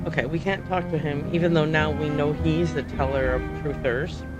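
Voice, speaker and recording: A woman's voice: sits low, fairly even intonation, normal speed. A woman streamer chatting casually while playing a game, thinking aloud and poking fun at herself. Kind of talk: casual gameplay livestream commentary. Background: game music.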